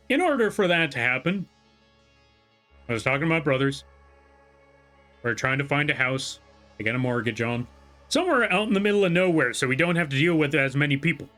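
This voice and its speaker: Bright exasperated guy rambling on his stream, keeps correcting himself, soft music underneath. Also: a little high. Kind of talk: casual livestream chat. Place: home room.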